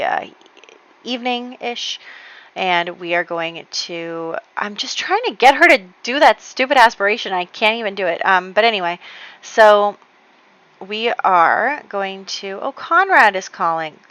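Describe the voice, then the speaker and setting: A woman's voice: on the low side, pushed and bright, highs cut off. A woman casually narrating a life-sim game as a let's play host, rambling along with many fillers.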